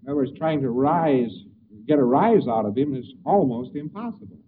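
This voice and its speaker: A man's voice: mid-range voice, expressive, normal speed. Lecturing man on a hissy old tape. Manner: conversational, with hesitations and acted examples. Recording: old tinny distant tape with hiss.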